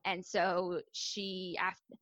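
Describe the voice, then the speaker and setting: A woman's voice: on the low side, level tone, extremely slow, a bit bright, dry recording. A young adult woman, a fitness coach, telling her story in a casual, candid podcast interview, with many ums and likes.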